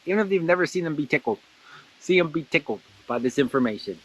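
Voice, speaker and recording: A man hosting a casual guided blessing exercise, animated and laughing often, jumping into excited high voices when he quotes someone. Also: fast talker, husky. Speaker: host guiding a blessing exercise. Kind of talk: casual guided meditation talk.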